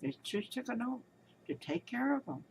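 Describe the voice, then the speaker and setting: A woman's voice: a little high, sing-song, normal speed, a little mellow, slight background noise, poor audio. Indignant woman telling her story. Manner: indignant, emphatic and rambling. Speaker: commentator recounting a hospital experience. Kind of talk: casual spoken commentary.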